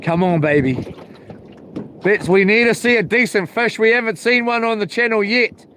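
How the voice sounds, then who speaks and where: Here the fishing vlogger sounds a bit bright and high-pitched, talking at a normal speed beside the water with slight background noise. His live-stream chatter is easygoing and slangy, and he laughs at his own jokes.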